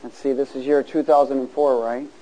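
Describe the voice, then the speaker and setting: A man preaching a sermon, asking the congregation to answer and building to loud exhortation. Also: mid-range voice, flat delivery, a little fast, rough recording. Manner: call-and-response, rising to loud exhortation.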